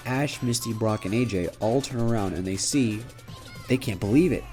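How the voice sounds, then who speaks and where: A man's voice: lowish voice, normal speed, darkish tone, faint music behind. A man casually narrating a fan-made story, chatty and speaking directly to his listeners.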